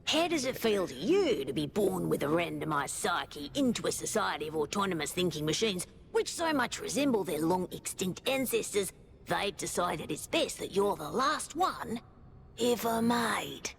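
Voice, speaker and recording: An actress voicing a sly, conspiratorial female robot citizen with an Australian accent, confiding and lively, in a video game. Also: on the low side, moderate pace, creaky, noisy background. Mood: curious. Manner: lively, confiding, drops to a whisper.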